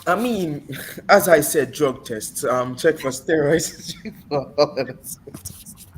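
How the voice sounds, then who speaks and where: A man's voice: fairly high pitch, slow pace. Playful man telling football stories. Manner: animated storyteller, playful exaggeration. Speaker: podcast co-host. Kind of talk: casual sports chat. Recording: faint background noise.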